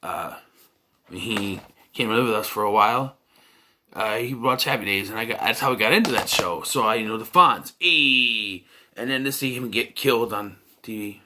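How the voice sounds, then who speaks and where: Casting: man, bright forward tone, loose rambling reviewer with lots of ums. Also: lowish voice, a little fast, slight background noise. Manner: rambling, many fillers and restarts. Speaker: movie reviewer.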